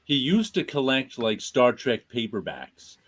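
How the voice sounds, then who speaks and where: A man's voice: mid-range voice, sing-song, a little slow, a bit bright. Laid-back man, easy chuckles. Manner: laid-back, chuckles often, brief replies. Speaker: co-host. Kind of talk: casual chat.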